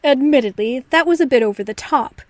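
Lady reading a story aloud, a bit high voice, super dry sound. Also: expressive, moderate pace, darkish tone, no echo. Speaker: narrator. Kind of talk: audiobook reading of fan fiction.

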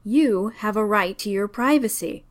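Worried gentle male doctor, read by a woman, soft concern with sharp edges. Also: mid-range voice, measured pace, close to an everyday voice. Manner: soft, concerned, sometimes swearing. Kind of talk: audiobook character reading.

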